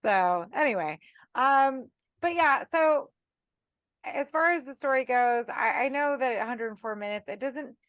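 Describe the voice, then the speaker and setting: A woman co-hosting a casual horror podcast, ranting with lots of swearing in an animated, tipsy way. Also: high-pitched, unhurried, no echo. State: tipsy and tired. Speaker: podcast co-host.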